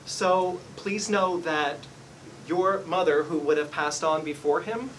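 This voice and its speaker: A man's voice: on the high side, takes it slowly, distant mic, slight background noise, poor audio. A man working as a psychic medium, giving a live reading in a salon and politely apologizing as he relays messages. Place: hair salon, indoors.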